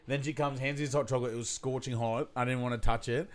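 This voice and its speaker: A man's voice: mid-range voice, fairly even intonation, fast. A man, co-hosting a podcast in casual chat, telling rowdy stories with laughs and swearing. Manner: laughing storyteller, swears freely. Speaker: podcast co-host.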